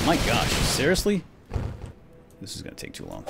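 Excitable man doing gameplay commentary. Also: mid-range voice, moderate pace, gravelly, background noise. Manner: excitable, exclaiming. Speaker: let's play host.

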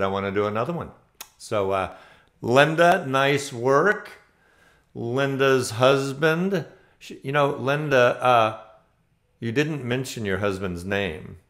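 A man hosting an online ukulele play-along, introducing players in a relaxed way with plenty of ums and uhs. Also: mid-range voice, unhurried. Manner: easygoing, many ums and uhs. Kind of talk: casual spoken introductions. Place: home, online video meetup.

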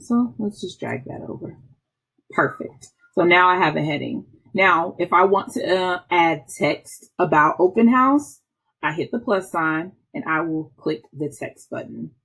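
Low husky-voiced woman giving a tutorial. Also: unhurried, fairly bright tone. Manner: patient step-by-step explaining with small restarts. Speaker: instructional technology trainer. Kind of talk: screen-recorded software tutorial.

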